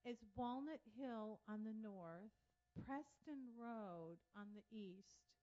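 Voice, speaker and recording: A woman's voice: fairly high pitch, takes it slowly. A woman giving a casual talk to an audience, telling anecdotes in a chatty way and acting out what others said. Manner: chatty storyteller, animated quoting of others. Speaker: speaker at a public talk. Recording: dull lo-fi sound.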